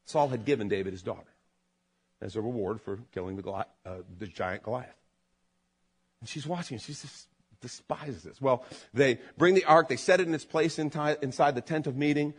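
A man preaching a sermon as pastor, animated, building to loud emphatic peaks and then dropping low. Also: fairly quick, breathy edge.

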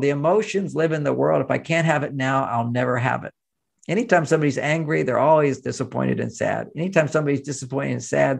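A man's voice: on the high side, vocal fry. An older man, speaking as an interview guest and telling stories with acted-out quoted voices. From United States. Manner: animated storyteller, acts out quoted voices. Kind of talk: interview conversation.

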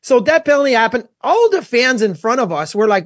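A man, a former goalie co-hosting a casual sports talk show, telling animated stories with many restarts. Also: high voice, quick pace, hardly any pauses, dry recording, studio quality. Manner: animated storyteller, lots of restarts.

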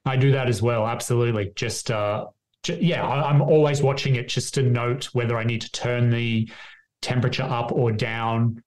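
A man's voice: mid-range voice, steady tone, moderate pace, a little mellow. Easygoing Australian man as guest. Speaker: guest, coffee retailer. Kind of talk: casual conversational interview.

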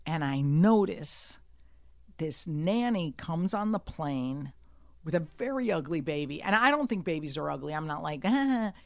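A woman's voice: sits low, animated, normal speed, vocal fry, dry recording. Brash, profane woman telling a story. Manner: brash, profane, swings from hushed to shouting. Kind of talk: casual storytelling chat.

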